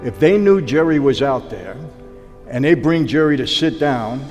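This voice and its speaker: Speaking at normal speed in a medium-pitched voice, a male guest tells long stories in an interview, vividly performing the quoted dialogue of each character. The recording has long hall reverb with background music underneath.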